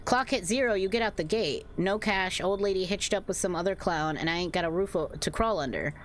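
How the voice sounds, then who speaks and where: A woman voicing a gruff, crude man just out of prison, speaking with a put-on Southern drawl. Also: lowish voice, fairly quick, a little hiss or hum, close to an everyday voice. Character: rough drifter man, just released, gruff.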